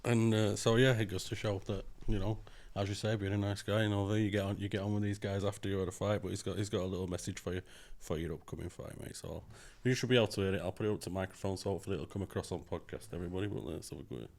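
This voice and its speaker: A man's voice: low voice, steady tone, rapid-fire, few pauses, a little mellow. A man hosting a podcast, upbeat and talking to the audience. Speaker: podcast host. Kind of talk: casual podcast chat.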